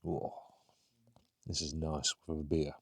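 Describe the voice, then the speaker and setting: A man's voice: low-pitched, unhurried, darkish tone, dry recording. A man, talking casually to camera while wild camping on a hill, chatty and rambling with lots of fillers. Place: outdoors on a hill, later inside a tent.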